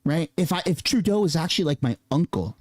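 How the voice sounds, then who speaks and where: A man hosting a casual political commentary rant, swearing and mocking other people with quick impressions. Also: a little high, big pitch swings, a little mellow, no room sound.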